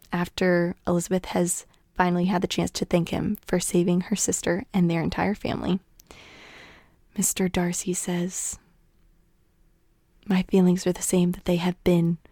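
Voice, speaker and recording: A woman's voice: on the low side, completely flat delivery, moderate pace, dark tone, no echo, clean studio sound. A young woman casually retelling a novel's plot, playfully acting out the characters' lines and laughing often. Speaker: guest summarizing a novel.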